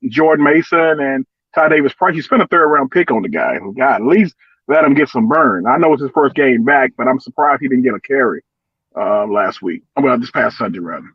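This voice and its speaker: A man speaking as a guest on a casual remote sports show interview, agreeable and chiming in quickly. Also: medium pitch, lively intonation, breathy edge, dry recording, highs cut off.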